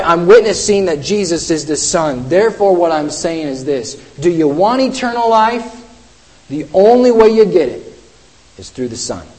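A man's voice: sits high, a little mellow, breathy edge, poor audio. A man preaching a sermon, emphatic and repetitive, stumbling over restarts as he presses his points.

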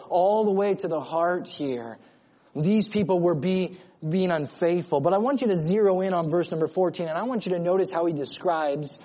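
A male pastor with a somewhat high voice delivers an earnest sermon. He moves between forceful emphasis and quieter, softer passages. Between those stretches he reads scripture aloud.

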